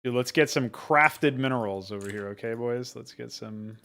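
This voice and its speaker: A man modding a game chats casually on his livestream in a mid-range voice that's creaky and a bit bright, at a moderate pace. There's slight background noise, and he's laid-back, laughing often and swearing offhandedly.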